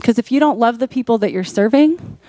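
A woman's voice: fairly high pitch, expressive, a little fast, dark tone, no room sound. A woman pastor preaching a sermon in a conversational way that rises to emphatic peaks.

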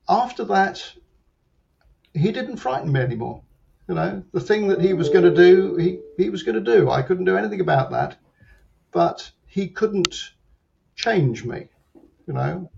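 A man telling a personal story as an interview guest, reflective and halting, with frequent restarts. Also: a little high, gravelly, a little mellow, slight background noise. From Britain. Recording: muffled lo-fi sound.

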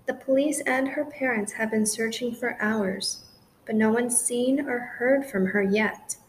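A woman's voice: fairly high pitch, a little slow, slight background noise, natural voice. A woman voicing a nosy male sniffer dog who passes on news in a storybook reading. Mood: concerned.

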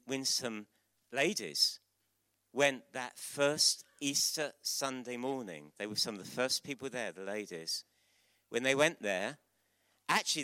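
A man preaching an Easter sermon to a church, questioning children and calling out loud exclamations. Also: medium pitch, no room sound. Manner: lively, interactive, bursts into loud exclamations.

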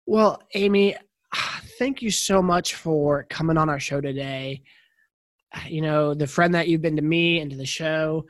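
A man's voice: a little high, a little slow, no echo, clean studio sound. A man hosting a podcast interview, encouraging and conversational as he asks his guest questions. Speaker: podcast host.

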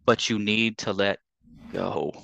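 Podcast co-host, male, low voice, earnest and emotional, dry close-miked sound. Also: takes it slowly, gravelly, fairly bright tone, no room sound. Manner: earnest, emotional, urging listeners. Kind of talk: casual podcast conversation.

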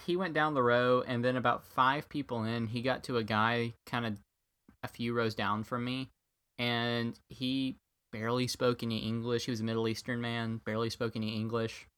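A man's voice: mid-range voice, level tone, moderate pace, a bit bright, clean tone. A young man co-hosting a podcast, telling a story in a wry, joking way and acting out what people said. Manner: wry, joking storyteller who acts out quotes. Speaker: podcast co-host. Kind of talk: casual storytelling chat.

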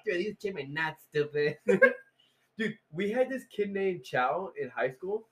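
A man's voice: high-pitched, animated, measured pace. A young man telling loose, slangy stories in a casual chat, laughing often.

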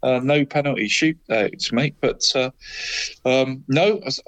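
A man's voice: medium pitch, unhurried, fairly bright tone. A man co-hosting a casual football chat, rambling through results and tagging nearly every phrase with "mate". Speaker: co-host giving local football results.

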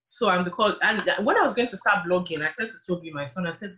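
A woman's voice: lowish voice, quick pace, hardly any pauses, background noise. A middle-aged woman with a Nigerian accent, chatting as a guest on an interview show, chatty and self-deprecating. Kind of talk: casual interview chat.

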